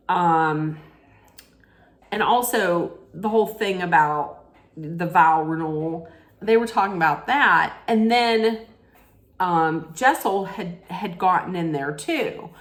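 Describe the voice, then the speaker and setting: A woman's voice: mid-range voice, a bit bright. A woman hosting her own reality TV recap, ranting casually in a blunt, heated way straight to her viewers.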